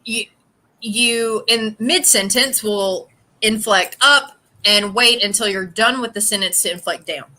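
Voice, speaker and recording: A woman's voice: mid-range voice, a little slow, pushed and bright. A woman guest on a livestream, chatting casually and retelling things with enthusiasm.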